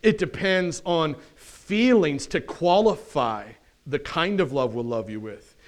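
American pastor, conversational sermon. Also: male voice, fairly high pitch, fairly bright tone. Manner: conversational preaching, asks the congregation questions. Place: church sanctuary.

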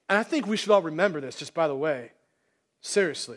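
A man's voice: on the high side, animated, brisk, fairly bright tone. A male pastor preaching a sermon to his congregation in a casual, conversational way, acting out quotes as he goes. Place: church sanctuary, live congregation.

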